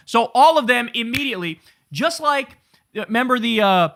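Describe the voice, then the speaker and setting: A man's voice: very high voice, animated, moderate pace, vocal fry, fairly bright tone, dry recording, studio quality. Sarcastic, profane male political host. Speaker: political commentary show host. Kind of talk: online political commentary.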